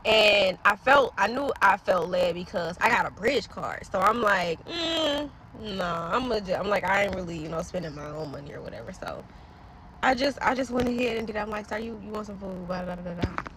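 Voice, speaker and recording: A woman shares a heartfelt personal story straight to her viewers in a loose, rambling way. She often trails off mid-thought and keeps calling out to her audience directly. Her voice sits in an ordinary middle pitch, and faint vehicle noise hums in the background. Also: expressive, normal speed. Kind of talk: casual spoken testimony to followers.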